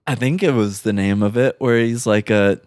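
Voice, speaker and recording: A man's voice: lowish voice, normal speed, darkish tone, clean tone, no room sound. A man co-hosting a podcast, chatting casually about a movie in a loose way, swearing and saying "like" a lot. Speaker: podcast co-host.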